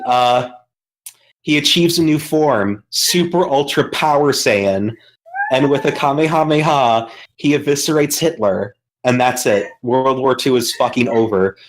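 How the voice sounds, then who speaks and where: A man's voice: medium pitch, a little slow, slight background noise, poor audio. A man co-hosting a podcast, telling a long story in casual chat with lots of fillers and swearing. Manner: rambling storyteller, heavy swearing, many fillers. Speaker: podcast co-host.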